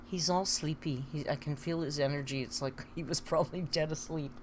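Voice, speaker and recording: A woman's voice: sits low, big pitch swings, normal speed, noisy background. A woman hosting a casual live stream, chatting playfully and cooing at her pet between remarks to viewers. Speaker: livestream host.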